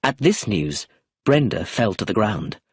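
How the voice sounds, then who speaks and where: Husky-voiced man narrating a story. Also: fairly low pitch, very animated, no echo, clean studio sound. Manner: clear, measured storytelling. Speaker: audiobook narrator. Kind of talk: scripted narration for English learners.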